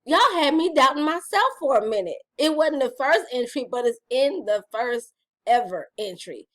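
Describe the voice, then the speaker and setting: A woman's voice: sits high, lively intonation, moderate pace. A middle-aged woman vlogging about her gratitude journal in casual, playful chat, calling her viewers y'all.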